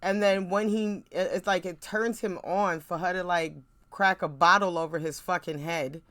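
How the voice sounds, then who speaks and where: A woman's voice: lowish voice, steady tone, moderate pace, fairly bright tone. A woman co-hosting a radio show, chiming in bluntly with short agreeing replies. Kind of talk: casual chat.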